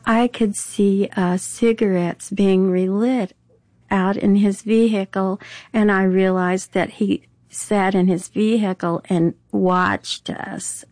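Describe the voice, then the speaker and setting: A woman's voice: medium pitch, fairly even intonation, takes it slowly, a little mellow, no room sound. An older woman with a Southern accent, telling her own story plainly and wryly in an interview. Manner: plainspoken, wry, laughs a little. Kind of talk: personal storytelling.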